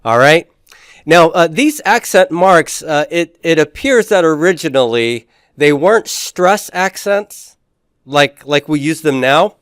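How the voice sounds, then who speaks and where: A man teaching a classroom lecture in a relaxed way, with frequent fillers and restarts. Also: on the high side, smooth, no room sound, clean studio sound.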